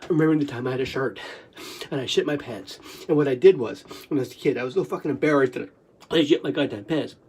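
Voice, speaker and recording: Husky, stuffed-up speaker for an unscripted, emotional, swear-heavy ramble, breathless, lurching from laughing sobs to murmurs. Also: quick pace, darkish tone. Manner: swings between giddy laughing sobs and low muttering. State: short of breath, snotty. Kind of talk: unscripted monologue recalling memories.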